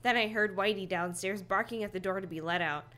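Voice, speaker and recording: A woman's voice: mid-range voice, brisk, bright, forceful tone. A woman co-hosting a podcast, reading a children's horror book aloud in a playful, mock-dramatic way.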